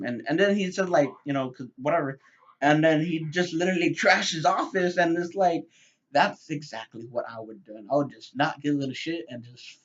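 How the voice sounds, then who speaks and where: A man's voice: a little high, lively intonation, fairly quick, a bit bright, lo-fi sound. A man giving a casual, rambling review, with lots of fillers and repeated words. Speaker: TV show reviewer.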